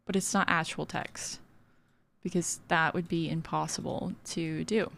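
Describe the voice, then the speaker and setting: A woman's voice: sits low, steady tone, unhurried, gravelly, fairly bright tone, a little hiss or hum. A woman streamer chatting casually while building in a game, giggly and full of fillers. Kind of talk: casual gaming stream chat.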